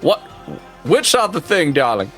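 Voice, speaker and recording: A man's voice: on the high side, sing-song, unhurried, a bit bright, soft background music. A man voicing a fussy, doting middle-aged father on the phone, hesitant and rambling. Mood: doting, dithering. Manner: hesitant and rambling, full of uhs.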